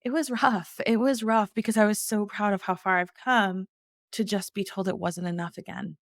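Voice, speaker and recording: Gravelly-voiced woman telling her story. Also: medium pitch, fairly even intonation, normal speed, no echo, clean studio sound. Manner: earnest storytelling, acts out quoted dialogue. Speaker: interview guest. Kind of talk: personal story told in an interview.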